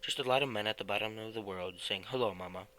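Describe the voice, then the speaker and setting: In a low-quality recording, a man with a lowish voice speaks fast as he plays a thrifty, worried middle-aged housewife from a storybook. His delivery is sharp and scolding, a little cross.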